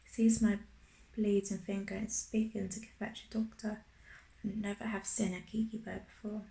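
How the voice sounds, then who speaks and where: A woman's voice: mid-range voice, little pitch movement, normal speed, creaky, warm tone, close to an everyday voice. A woman whispering as a courtly foreign boy. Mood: amazed. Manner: formal, courtly. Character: overly polite foreign boy, about eleven. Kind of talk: whispered role-play. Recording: roomy echo.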